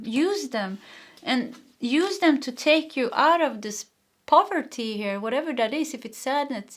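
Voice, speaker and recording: A Swedish-born woman giving a pick-a-card tarot reading, encouraging and rambling, with many restarts and soft laughs. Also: high-pitched. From Sweden. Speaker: tarot reader.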